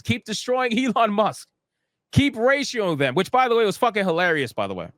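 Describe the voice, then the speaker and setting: Man, high voice, dry close sound, live stream rant, profane, repetitive, mocking. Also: big pitch swings, fairly quick, fairly bright tone, dry recording. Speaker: gaming news streamer. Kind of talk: live ranting commentary, reading news aloud.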